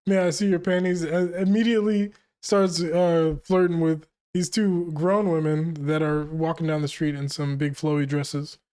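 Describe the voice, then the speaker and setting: A young man reads a manga chapter aloud and reacts to it as he goes, cracking jokes and laughing along the way. His voice sits a touch higher than most men's, and his talk stays relaxed and casual. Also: a little slow, hardly any pauses, clean tone. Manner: reads dialogue aloud, breaks off to joke and laugh.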